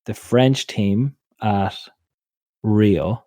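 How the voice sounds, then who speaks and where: A man co-hosting a podcast, chatting casually in an animated, exclamatory way. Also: fairly low pitch, very slow, dry recording. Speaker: podcast co-host.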